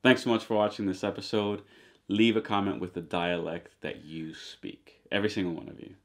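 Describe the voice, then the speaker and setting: A man's voice: on the low side, fairly even intonation, brisk. An American man hosting a channel, reacting to accent clips in a casual, joking chat. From United States. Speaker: channel host.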